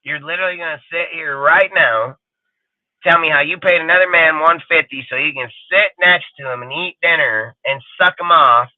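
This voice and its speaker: This male host's voice sits on the high side and moves at a normal speed as he angrily rants live, swearing throughout and parodying other people's voices. The sound is dry and tinny, much like a phone call.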